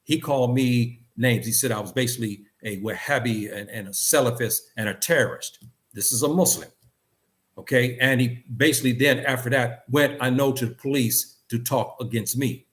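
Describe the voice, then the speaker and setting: A man teaching a religious lesson in an earnest, repetitive way, building to animated emphasis at times. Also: mid-range voice, moderate pace. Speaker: Islamic teacher. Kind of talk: religious lecture.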